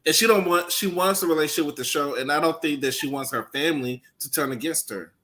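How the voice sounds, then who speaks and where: A man co-hosting a casual talk show, with a voice a bit higher than most men's. He talks in a conversational way and reasons through each point he makes. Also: quick pace, pushed and bright. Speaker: co-host. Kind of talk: casual chat.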